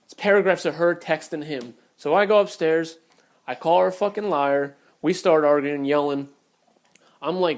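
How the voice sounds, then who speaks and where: A man's voice: a little high, normal speed. Blunt, profane man ranting. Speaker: vlogger. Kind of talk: casual storytelling rant.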